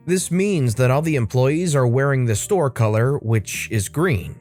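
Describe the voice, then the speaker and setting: A man reads stories aloud in an even, conversational way, at an average pitch. Between stories he drops into casual commentary. Faint background music plays beneath him. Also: measured pace. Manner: steady, conversational storytelling. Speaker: story channel narrator.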